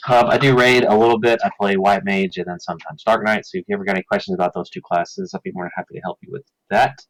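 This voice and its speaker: Man, lowish voice, relaxed guild officer on a call; dry, close sound. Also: quick pace, gravelly, dry recording, rough recording. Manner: relaxed, listing with fillers. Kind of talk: casual group call.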